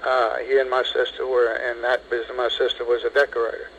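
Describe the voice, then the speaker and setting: Man, 70s, phone interview; lively storyteller who acts out the quotes, mid-range voice. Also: medium pitch, a little fast, creaky, slight background noise, poor audio. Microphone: telephone.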